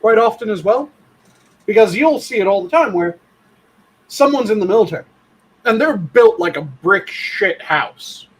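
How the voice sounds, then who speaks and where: A man with a high voice talks in casual podcast chat. He is blunt and swears freely. He explains his points at length. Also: expressive, moderate pace, breathy edge, low-quality recording. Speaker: podcast co-host.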